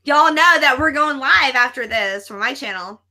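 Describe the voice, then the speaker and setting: Female guest, loud teasing banter, bright higher voice. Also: expressive, moderate pace. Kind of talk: casual live-stream chat.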